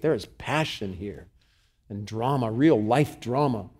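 A male pastor preaching a sermon, moving between loud scripture reading and quiet, intimate asides. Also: medium pitch, animated, measured pace, slightly rough.

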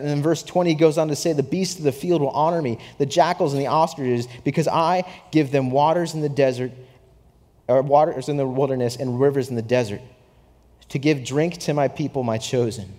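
A young adult man preaching a sermon, telling a story with animated swings from hushed to excited. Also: fairly high pitch, fairly quick. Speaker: pastor. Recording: long hall reverb.

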